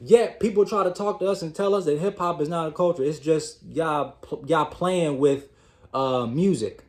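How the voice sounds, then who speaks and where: A man with a fairly high speaking voice gives a casual motivational talk on his own channel. He speaks straight to his listeners, calls them y'all, and often repeats a word while he gathers his thoughts. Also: moderate pace. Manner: conversational, talks to the audience as y'all, repeats words as he gathers thoughts. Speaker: host of a self-improvement channel.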